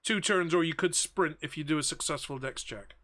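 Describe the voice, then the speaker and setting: A man's voice: fairly high pitch, brisk, bright, forceful tone. A man running a tabletop role-playing game as game master, narrating and chatting casually with his players.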